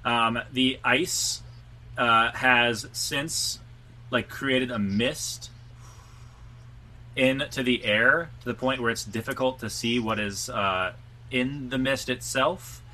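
A man's voice: mid-range voice, slow pace, low-quality recording. A man running a tabletop game as dungeon master, narrating loosely with many fillers. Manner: relaxed, filler-heavy narration.

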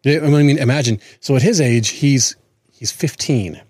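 A man's voice: medium pitch, normal speed, a little mellow, breathy edge, no room sound, clean studio sound. A man in his forties co-hosting a podcast, chatting earnestly and often restarting his words. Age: 40s. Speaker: podcast co-host. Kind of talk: casual chat.

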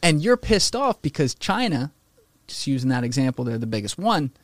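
A man in an easygoing podcast conversation, opinionated and animated, swearing now and then. His voice sits in a middle pitch. The sound is dry and close, with no room echo. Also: moderate pace.

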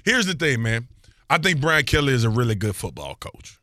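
A man co-hosting a podcast, talking casual sports in an animated, joking, slangy way. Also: medium pitch, brisk, no echo, studio quality. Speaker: podcast co-host.

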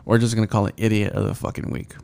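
A man's voice: lowish voice, flat delivery, fast, vocal fry, warm tone, smooth. A young man hosting a solo podcast, rambling and swearing, with many fillers and restarts. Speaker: podcast host. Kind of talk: casual solo podcast rant.

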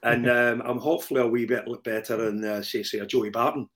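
A man's voice: medium pitch, fairly even intonation, fast talker, fairly bright tone. A man with a Glaswegian Scottish accent tinged with English, a podcast guest talking in a hesitant, self-deprecating way, full of ums and restarts. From Glasgow, Scotland. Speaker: supporters club member, podcast guest. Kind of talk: casual podcast chat.

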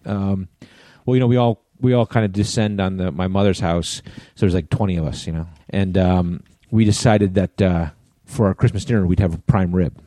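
A middle-aged man with a low, mellow voice tells a story in an easy, casual way, dry-witted and teasing, with the odd curse word. He is recorded close up and dry, with no room sound. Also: normal speed, hardly any pauses, no room sound. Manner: wry, teasing, backchannels often. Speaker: podcast co-host. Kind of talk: casual chat.

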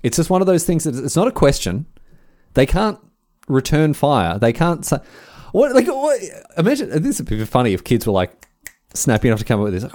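A young man with an Australian accent, co-hosting a casual podcast and animatedly acting out quoted lines. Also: a little fast. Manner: animated, jumps into high voices for quoted lines. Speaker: podcast co-host.

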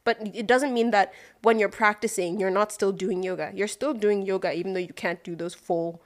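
A woman's voice: mid-range voice, fairly even intonation, fairly quick. A woman from Nigeria co-hosting a podcast, talking earnestly and frankly in a casual chat. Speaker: podcast co-host.

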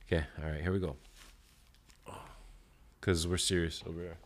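Chill guy with a really low voice, podcast host just shooting the breeze, cussing a lot, kinda winded. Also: flat delivery, normal speed, a little hiss or hum. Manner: laid-back, swears freely, rambling with fillers. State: out of breath after push-ups. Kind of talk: casual solo podcast chat.

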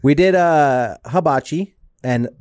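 A man's voice: on the high side, slow, clear, resonant tone, no room sound. Easygoing young man, dry close sound. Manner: easygoing storyteller, deadpan jokes. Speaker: podcast co-host. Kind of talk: casual chat.

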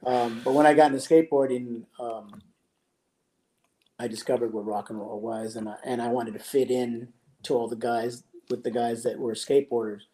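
A man in his sixties from California, telling stories as a guest in a casual interview, relaxed and reflective. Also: mid-range voice, moderate pace. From San Jose, California. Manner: relaxed, reflective, with laughs and throat-clearing. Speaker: guest, pro skateboarder.

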